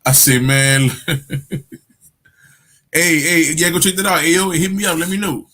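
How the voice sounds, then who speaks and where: A man's voice: a little high, unhurried. Profane, laughing man spinning stories. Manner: animated, profane storytelling with frequent laughter. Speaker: spiritual guide and coach. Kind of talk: casual livestream talk to viewers.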